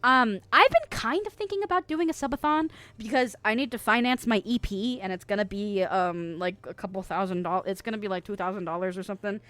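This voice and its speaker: A woman's voice: mid-range voice, fairly quick, few pauses, sharp tone, no room sound. Giggly woman streamer in dry close sound. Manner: giggly, rambling, swears freely, lots of fillers. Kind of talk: casual livestream chat. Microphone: streaming mic.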